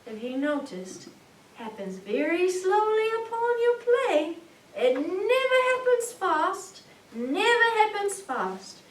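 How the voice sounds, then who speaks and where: A woman channeling a jovial, earnest male alien star commander, preaching slowly and emphatically with rhetorical questions, in a roomy recording from a distant mic. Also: extremely high pitch, big pitch swings, heavily acted. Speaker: spirit channeler. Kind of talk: channeled spiritual message.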